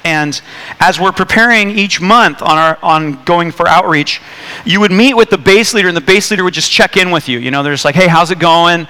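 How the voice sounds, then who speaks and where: A man preaching a sermon, telling a personal story in a casual, animated way with many fillers and restarts. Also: high-pitched, brisk, clean tone. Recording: long hall reverb.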